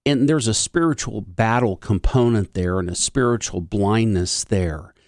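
A man's voice: on the low side, a little slow, a little mellow, no echo, clean studio sound. Hesitant questioning co-host, man. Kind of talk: talk show discussion.

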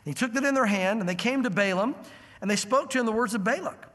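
A man preaching a verse-by-verse sermon as a pastor, emphatic and conversational, with quick asides to the listeners. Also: high-pitched, fairly bright tone, long reverb tail. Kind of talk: expository sermon.

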